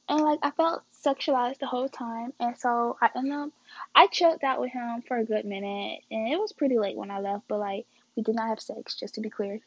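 A young woman with a fairly high, steady voice casually and briskly tells her viewers a story, chatty and slangy, calling them "guys" and "y'all." She acts out quoted dialogue dramatically, and the recording sounds muffled.

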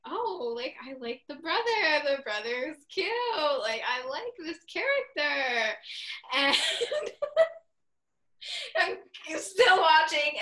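A young woman with a high voice tells a story to a friend, animated and laughing often. She says "like" a lot. Her tone is bright and clear. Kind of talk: casual chat.

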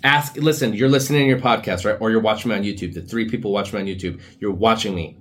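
A young man with a fairly low, steady voice races through laid-back, rambling stories on his casual solo podcast. The host fills them with slang and asides and often slips into silly put-on voices when quoting people.

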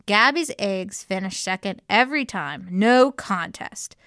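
A woman's voice: medium pitch, expressive, a little slow, pushed and bright, clean tone, no echo. Woman playing a strutting rooster colonel, pompous, blustery, storybook reading, dry recording. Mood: confiding.

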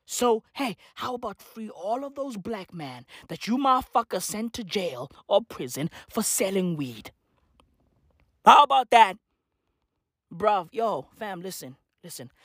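Animated, hoarse, profane ranting vlogger. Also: mid-range voice, no echo, clean studio sound. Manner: slangy and swearing, repeating "bruv" and "fam". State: losing their voice, hoarse. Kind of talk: profane comedic rant to camera.

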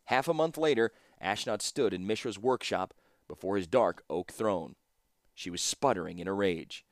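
Male audiobook narrator, low-pitched, dry, steady. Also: normal speed, dry recording.

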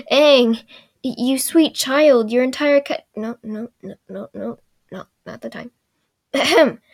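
A woman casually recapping a show episode, full of sarcastic, rambling asides. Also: mid-range voice.

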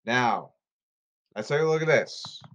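Brief: male solo podcast host, mid-pitched voice, rambling, repeats himself, emphatic stop-start delivery. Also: lively intonation, measured pace, fairly bright tone, highs cut off.

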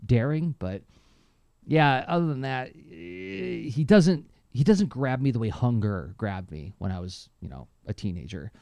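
A middle-aged man co-hosting a podcast in casual chat, an enthusiastic storyteller whose voice jumps up when excited. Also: a little slow, gravelly, dry recording. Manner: animated, enthusiastic storyteller with lively pitch jumps. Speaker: podcast co-host.

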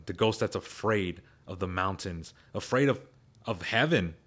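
Male host, slightly low pitch, relaxed rambling story recap. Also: unhurried. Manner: loose, rambling, repeats words while thinking. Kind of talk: casual story retelling.

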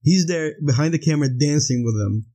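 A young man with a slightly high voice co-hosts a casual podcast chat about a film, speaking briskly and warmly. He rambles and uses lots of filler words, and the recording is rough.

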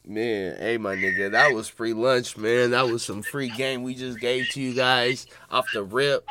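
A man's voice: mid-range voice, fairly even intonation, unhurried, noisy background. A man co-hosting a podcast in loose, profane casual chat, laughing often. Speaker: podcast co-host.

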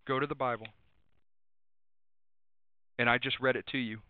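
A man's voice: mid-range voice, fairly even intonation, moderate pace, clean tone. A man preaching a sermon, speaking emphatically, repeating refrains and citing Bible verses by chapter and number. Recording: tinny phone-like dry sound.

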